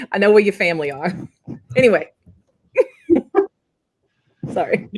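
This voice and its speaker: A woman's voice: medium pitch, lively intonation, takes it slowly, husky. A woman from central Indiana hosting a casual chat, rambling and giggly, with plenty of filler words. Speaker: host.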